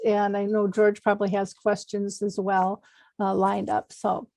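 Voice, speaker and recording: A woman's voice: medium pitch, monotone, a little slow, vocal fry, darkish tone. A woman hosting a radio talk show, casually steering the conversation back on track.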